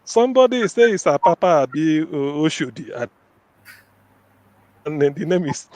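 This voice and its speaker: A man's voice: fairly high pitch, lively intonation, moderate pace, long pauses, a little mellow. A man giving his closing statement in a casual discussion, repeating words for stress. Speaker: caller giving a final statement.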